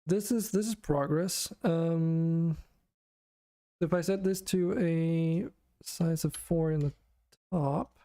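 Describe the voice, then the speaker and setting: A worn-out man talks to himself in a flat, monotone way while he pokes at his game's code. His voice is mellow and soft-edged, steady and unhurried. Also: a little high. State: exhausted. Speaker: game developer streamer. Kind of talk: thinking aloud while coding.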